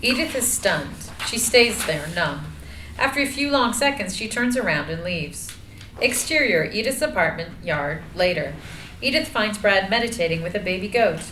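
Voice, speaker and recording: A woman narrating the action lines of a screenplay reading in a measured, plain way. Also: mid-range voice, animated, fairly bright tone. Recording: echoey room, light noise.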